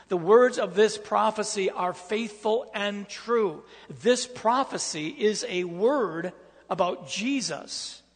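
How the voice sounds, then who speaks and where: A man's voice: high voice, long reverb tail. A man preaching a sermon, reading scripture aloud with emphatic, repetitive phrasing.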